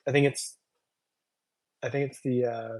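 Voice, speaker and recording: Male stream host, mid pitch, tired and loose, joking banter over chat comments. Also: level tone, moderate pace, a little mellow. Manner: loose, rambling, joking, many fillers. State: tired after a long stream. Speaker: reptile channel host. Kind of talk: casual livestream chat reading comments.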